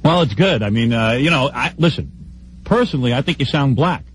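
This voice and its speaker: A man's voice: medium pitch, lively intonation, brisk, a little hiss or hum. A man hosting a radio talk show, teasing and blunt as he questions his guests. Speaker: radio host.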